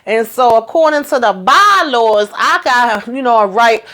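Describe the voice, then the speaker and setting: A woman doing a high drawling old farmer man. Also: expressive, unhurried, a bit bright. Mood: insistent. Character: elderly male farmer interrupting a meeting.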